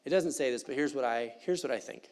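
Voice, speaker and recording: A man preaching a sermon in a church, animated and conversational with playful asides. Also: medium pitch, fast talker. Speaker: pastor. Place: church sanctuary.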